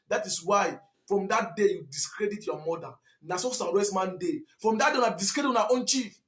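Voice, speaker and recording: High-voiced Cameroonian man scolding. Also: big pitch swings, fairly quick, fairly bright tone, reverberant. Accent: Cameroonian Pidgin English. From Southwest Cameroon. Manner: preachy, repetitive, scolding. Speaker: commentator. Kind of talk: impassioned monologue.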